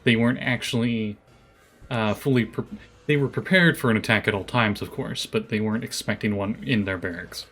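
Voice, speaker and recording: A man narrating as game master for a tabletop game, describing rooms with relaxed fillers. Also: lowish voice, a little fast, slightly rough, faint music behind.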